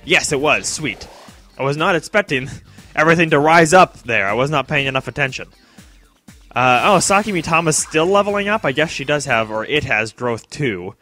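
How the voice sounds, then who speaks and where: A man's voice: on the high side, lively intonation, normal speed, sharp tone, faint music behind. A young man chatting casually over his gameplay in a self-mocking way, often talking straight to the game's characters. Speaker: let's play commentator.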